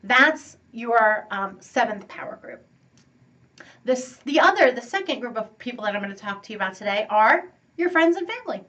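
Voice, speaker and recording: A woman giving a relationship coaching talk, upbeat and animated, laughing and acting out what friends and family say. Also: on the high side, moderate pace, recorded from a distance, highs cut off. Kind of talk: teaching talk to camera.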